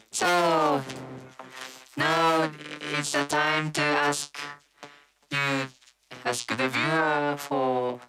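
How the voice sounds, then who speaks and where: Woman host, very slow talk, gravelly, lively pitch, music behind. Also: rough recording. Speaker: show host. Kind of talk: casual hosting.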